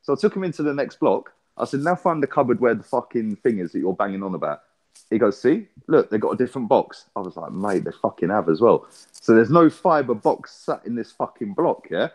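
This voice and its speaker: A man's voice: fairly low pitch, very animated. A man, swearing and telling a long story in a casual podcast chat. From England. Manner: swearing, storytelling with rapid back-and-forth. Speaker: podcast co-host.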